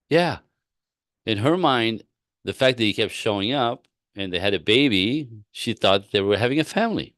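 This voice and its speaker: Deep-voiced blunt man giving relationship advice. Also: lively intonation, normal speed, a bit bright, no echo, studio quality. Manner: blunt, emphatic, repeats himself; acts out both sides of dialogue. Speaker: relationship coach. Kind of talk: live-stream advice talk.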